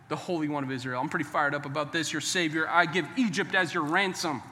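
Emphatic preacher with a high, bright voice. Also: male voice, steady tone, fast, in a large hall, a little hiss or hum. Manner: emphatic, conversational preaching with call-and-response. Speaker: pastor. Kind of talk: sermon.

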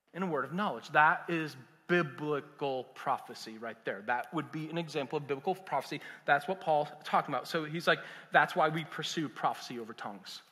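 Animated high-voiced male pastor. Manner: animated, conversational, humorous. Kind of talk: sermon. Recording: echoey hall.

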